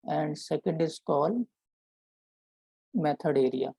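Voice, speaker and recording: A man teaching a programming lesson, explaining step by step and often checking in with a quick "right?". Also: on the high side, animated, creaky, mellow, slightly rough, dry recording, poor audio. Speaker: programming instructor. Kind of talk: live coding lesson.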